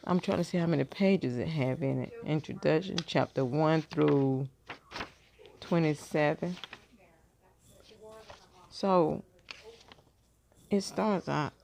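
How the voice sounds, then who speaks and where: A woman's voice: deep voice, slow, gravelly, long pauses, darkish tone, a little hiss or hum. A woman in her fifties chatting casually to her viewers from bed, rambling and thinking aloud with many fillers and restarts. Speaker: vlogger. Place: in bed at home.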